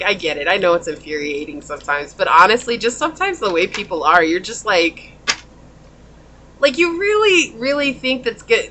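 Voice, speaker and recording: A woman giving a casual pick-a-card tarot reading, animated and laughing often, acting out what people might say. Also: medium pitch, slight background noise. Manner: animated, laughing, acts out quoted voices. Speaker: tarot reader.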